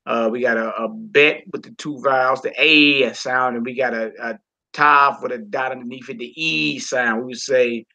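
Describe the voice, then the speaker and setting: Gravelly man teaching a casual lesson. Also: mid-range voice, moderate pace. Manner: relaxed, informal, talks while working the screen. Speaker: Hebrew teacher. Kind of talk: casual online class lesson. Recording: lo-fi recording.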